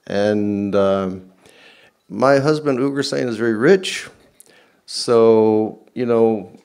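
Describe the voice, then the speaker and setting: A man voicing an elderly, confused queen who rambles with many fillers, in a high, loud voice. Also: slow pace, clear, resonant tone. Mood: chattering.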